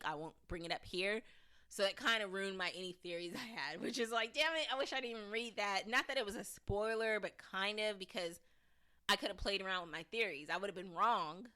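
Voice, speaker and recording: A woman with a smooth, mid-range voice hosts a podcast, casually recapping an episode. She thinks aloud and restarts now and then, staying lively and acting out lines from the characters.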